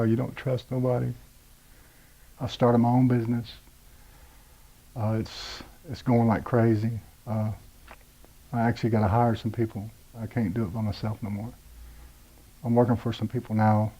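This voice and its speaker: Blunt, low-voiced man in his forties. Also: dark tone, poor audio. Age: 40s. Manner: plain-spoken, blunt, many "uh" and "you know". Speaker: rehab program graduate telling his story. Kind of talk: personal testimony.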